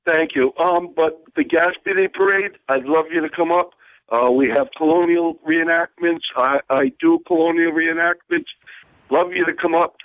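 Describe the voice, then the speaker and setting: Caller on a tinny phone line. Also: male voice, fairly high pitch, moderate pace, dry recording. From Rhode Island. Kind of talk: phone-in call.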